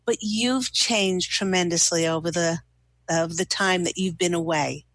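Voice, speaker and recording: A woman hosting a talk radio show, giving a spiritual card reading to a caller in a slow, gushing, soothing way. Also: fairly low pitch, fairly bright tone, no echo. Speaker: radio host and angel card reader.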